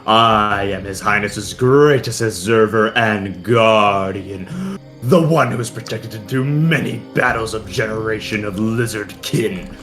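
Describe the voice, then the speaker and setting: A man voicing a proud, pompous male lizardfolk guard who shouts royal proclamations and brags about his duty. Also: lowish voice, measured pace. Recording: music playing behind.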